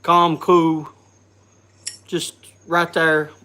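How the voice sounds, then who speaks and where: A man's voice: on the high side, completely flat delivery, pushed and bright, smooth. A man hosting a casual live chat, congested from a cold, coughing and often restarting his sentences. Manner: halting, restarts with repeated words. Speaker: host.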